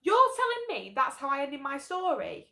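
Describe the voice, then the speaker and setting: Young girl reading her old story, sarcastic swearing asides, highish voice, echoey room. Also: wildly swooping pitch, normal speed, noisy background. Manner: sarcastic, sweary running commentary. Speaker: vlogger. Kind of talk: reading aloud with comic asides. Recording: roomy echo.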